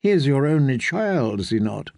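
Male reader doing a haughty queen, condescending and cold, raspy in a dry room. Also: extremely low pitch, sing-song, moderate pace, dark tone, dry recording, exaggerated voice. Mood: imperious. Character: haughty scheming middle-aged queen.

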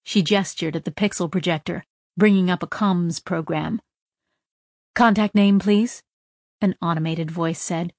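A woman reading a story aloud as narrator, with steady storytelling. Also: fairly low pitch, moderate pace, dry recording, clean studio sound. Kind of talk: audiobook narration.

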